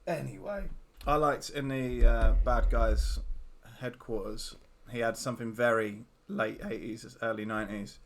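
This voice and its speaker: A man's voice: medium pitch, fairly even intonation, a little slow, fairly bright tone. A man hosting a casual podcast about films, joking and laughing often as he chats. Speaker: podcast host. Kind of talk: casual film chat.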